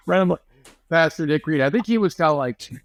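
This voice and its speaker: A man's voice: a little high, lively intonation, brisk, no room sound. A young man co-hosting a podcast, chatting casually and rambling with many restarts. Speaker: podcast co-host. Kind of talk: casual chat.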